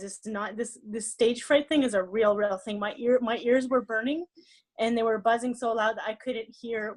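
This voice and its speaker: A woman on a team call, telling a personal story about stage fright, fast and emotional, often repeating words. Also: fairly high pitch. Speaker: network marketing team leader. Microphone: call or stream mic.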